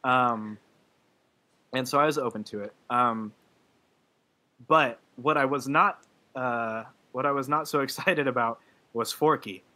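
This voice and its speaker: Bright-voiced young man gushing about films. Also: mid-range voice, measured pace, long pauses. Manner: earnest, gushing, with frequent fillers. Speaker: podcast co-host. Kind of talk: casual movie review chat.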